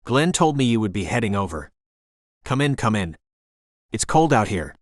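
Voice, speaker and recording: A man voicing an energetic woman in her sixties with a faint Jamaican accent, talking in a brisk, chatty way. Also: fairly low pitch, no echo, studio quality. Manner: brisk, rapid-fire and chatty.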